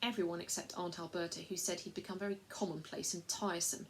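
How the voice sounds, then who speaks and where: A woman reading a children's storybook aloud at a measured, even pace. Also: fairly low pitch, slight background noise. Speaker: reader.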